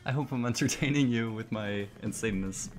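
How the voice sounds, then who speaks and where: A man's voice: mid-range voice, fairly quick, faint music behind. A young man streaming live, goofily chanting a name over and over between casual asides to his chat.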